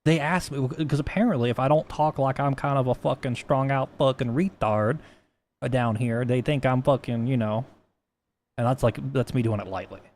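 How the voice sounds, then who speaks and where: A man's voice: mid-range voice, normal speed, darkish tone. A man streaming casually while he codes, rambling and swearing, often restarting his sentences. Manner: rambling, profane, frequent restarts. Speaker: livestreamer. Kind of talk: casual livestream chat while coding.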